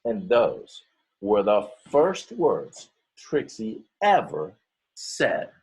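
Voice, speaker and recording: A man's voice: fairly low pitch, huge pitch swings, extremely slow, darkish tone, breathy edge. A male teacher reading a picture book aloud to his students, stretching words, acting out the story voices and stopping often to explain details to the class.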